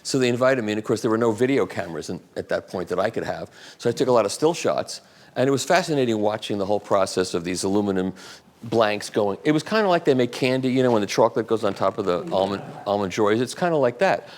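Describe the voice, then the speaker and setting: A man with a lowish, slightly mellow voice talks fast and expressively as a guest at a live audiophile talk. Answering the audience's questions, he rambles in a chatty manner, with restarts and asides.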